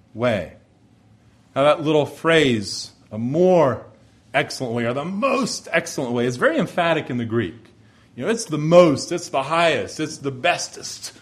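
Emphatic preacher with a higher voice. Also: male voice, slightly rough. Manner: emphatic, repeats key phrases, acts out voices of the listeners. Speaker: pastor. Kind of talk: expository sermon.

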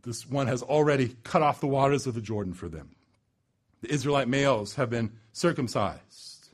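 A man preaching a sermon, building to loud emphatic peaks and dropping low and slow for weight. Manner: dramatic swings in pitch and loudness, slows for emphasis.

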